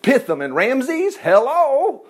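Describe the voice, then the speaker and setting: Folksy man teaching scripture, rambling and joking, high voice that swings widely. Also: wildly swooping pitch, takes it slowly, breathy edge. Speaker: Bible teacher. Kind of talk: casual Bible teaching.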